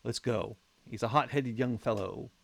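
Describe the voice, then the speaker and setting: A man's voice: medium pitch, normal speed, gravelly, dry recording. A man commentating his own strategy game as he plays, thinking aloud in a wry, chatty way with self-mocking humour. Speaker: let's play host.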